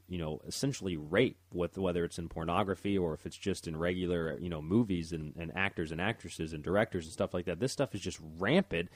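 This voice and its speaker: A man's voice: low voice, no echo, clean studio sound. A man hosting a talk radio show, rambling and stumbling over his words as he comments. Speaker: radio host.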